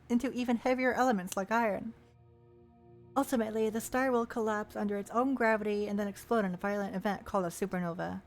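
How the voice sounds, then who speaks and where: This playful, chatty streamer reads a game's text aloud, slipping jokes in between the lines. Her voice is a little high, and quiet game music drifts behind her.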